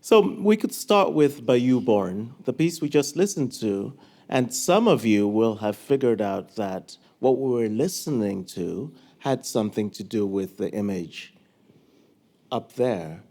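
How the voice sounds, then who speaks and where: A man moderating a public conversation on stage, casual and self-deprecating, with many halting fillers. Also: lowish voice, lively intonation, dark tone. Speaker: moderator, writer.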